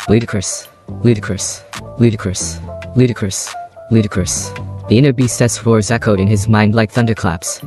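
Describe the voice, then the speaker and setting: A man narrating a fan fiction story in a steady, even read-aloud manner. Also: fairly low pitch.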